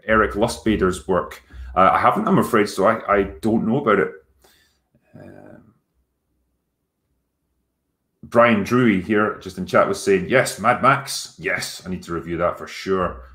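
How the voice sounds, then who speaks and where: A Scottish YouTube film critic hosts a casual livestream Q&A in a fairly low voice. He's relaxed and rambling, dropping frequent ums and swearing casually.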